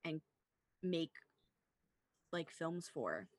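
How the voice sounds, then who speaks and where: A woman's voice: deep voice, very slow, breathy edge, no echo. Chatty young woman with a dry close sound. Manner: chatty, lots of "like", excitable laughter. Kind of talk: casual chat about films.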